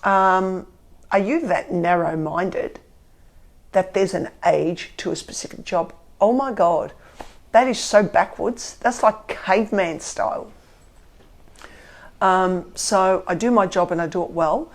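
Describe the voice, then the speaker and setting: A woman's voice: mid-range voice, takes it slowly. A woman, candidly telling her own story and acting out what people said to her. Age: 50s. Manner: animated, acts out quotes.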